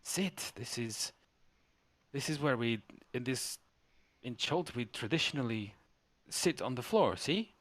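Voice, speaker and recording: A man's voice: medium pitch, lively intonation, unhurried, a bit bright, dry recording. Coaxing young servant woman, done by a man.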